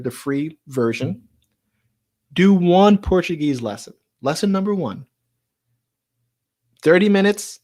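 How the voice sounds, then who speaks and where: Chatty man hosting a live stream. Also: on the high side. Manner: chatty, laughs often, repeats words. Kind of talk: casual live-stream talk.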